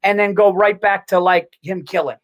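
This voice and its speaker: A man, a guest comedian, telling profane, animated stories in casual podcast chat, full of quick restarts. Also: sits high, rough recording.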